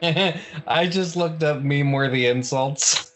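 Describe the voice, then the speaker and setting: A man's voice: a little high, takes it slowly, loud music behind the voice. A man playing a tabletop game, chatting casually, rambling and laughing often. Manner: giggly, rambling, keeps laughing. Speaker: player.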